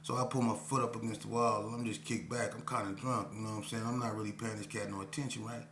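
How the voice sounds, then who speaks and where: A man's voice: fairly low pitch, little pitch movement, quick pace, a bit bright. A man telling a personal story in a casual, slangy way, often saying "you know what I'm saying". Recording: roomy echo, faint hum.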